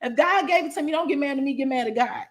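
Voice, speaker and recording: A woman's voice: sits high, quick pace. A woman author telling her story in an interview, blunt and profane, emphatic and laughing often. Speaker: guest, author.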